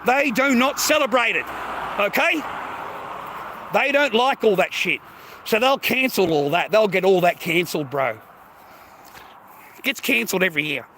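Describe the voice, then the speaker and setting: A man with an Australian accent rants at his livestream viewers, taunting them and swearing freely. His voice sits high for a man, with a gravelly edge and a sharp, bright tone. Faint noise hums in the background. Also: expressive, moderate pace, pauses often. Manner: aggressive, taunting, heavy swearing. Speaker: livestream host. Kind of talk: profane livestream rant.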